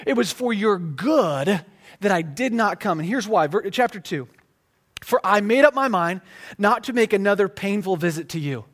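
A man's voice: sits high, animated, moderate pace, a bit bright. A man preaching a sermon in a conversational, emphatic way, often restarting and repeating words. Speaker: pastor.

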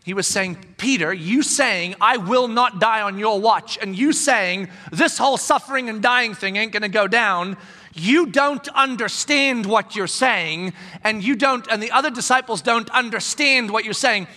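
Male pastor, high and bright, preaching in an animated, conversational way in a reverberant hall. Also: a little slow. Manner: animated, acts out quoted voices. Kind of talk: conversational sermon.

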